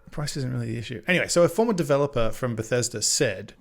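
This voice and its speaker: A man co-hosting a games podcast with a gravelly, creaky voice. He rambles in loose casual chat, corrects himself as he goes, and swears without a second thought. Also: mid-range voice, lively intonation, rapid-fire. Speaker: podcast co-host.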